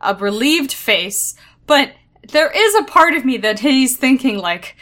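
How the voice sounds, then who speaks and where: A woman's voice: high-pitched, lively intonation, a little slow, a bit bright. A woman co-hosting a casual podcast, chatting playfully about a TV episode. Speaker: podcast co-host. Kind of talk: casual chat recapping a TV episode.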